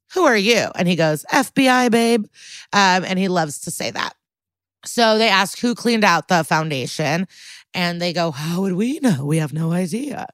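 A woman's voice: lowish voice, a bit bright, no echo. A woman co-hosting a podcast, chatting casually through an episode recap and acting out the characters' lines. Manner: chatty, acts out quoted lines with mock voices. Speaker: podcast co-host.

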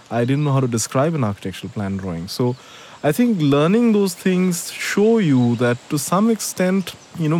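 A man's voice: medium pitch, a little mellow. A man reflecting in conversation on something he learned. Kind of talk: explanatory conversation. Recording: faint hiss.

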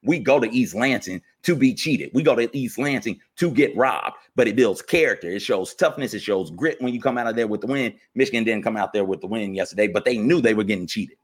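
A man with a husky, breathy edge to his voice rants about a game in heated, repetitive bursts. His comes through in loose, slangy phrasing, and he sounds fired up throughout. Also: fairly low pitch, lively intonation, fairly quick, few pauses. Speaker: podcast co-host. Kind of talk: heated sports rant.

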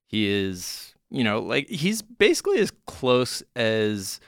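A man's voice: mid-range voice, very animated, slow, gravelly, fairly bright tone, dry recording, clean studio sound. A man hosting a comedy podcast, explaining things in a jokey, rambling way with plenty of "uh"s. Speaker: podcast host. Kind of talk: casual comedic chat.

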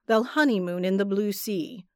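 A woman voicing a rough male sailor who talks in a mocking, boisterous way, in a storybook reading. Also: mid-range voice, normal speed, dry recording, studio quality, natural voice.

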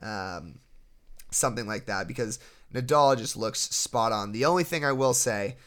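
A man's voice: medium pitch, normal speed. Casual male tennis podcast co-host. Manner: relaxed, analytical, with frequent restarts. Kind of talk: casual sports podcast chat.

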